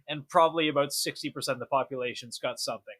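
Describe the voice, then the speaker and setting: A young man co-hosting a podcast in casual chat, chiming in with quick agreement and wry jokes. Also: medium pitch, a bit bright. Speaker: podcast co-host.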